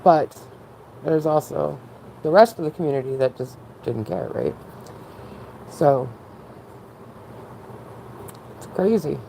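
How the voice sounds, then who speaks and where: A woman's voice: sits low, expressive, slow pace, vocal fry, pauses often, warm tone, a little hiss or hum, poor audio. A woman talking candidly in a casual, rambling personal monologue, often breaking into laughs. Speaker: vlogger.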